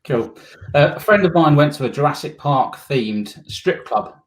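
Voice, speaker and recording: A man telling pun jokes as a contestant on a video call, with a dry, unhurried delivery. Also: fairly high pitch, expressive.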